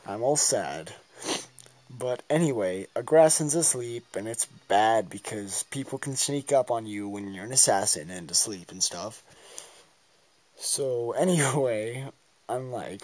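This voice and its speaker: A man's voice: medium pitch, a little slow, a little mellow, no echo. A man talks through a game battle move by move, rambling and goofy, often acting out his own reactions. His voice sounds close and dry, with no room around it. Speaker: gamer narrating a battle.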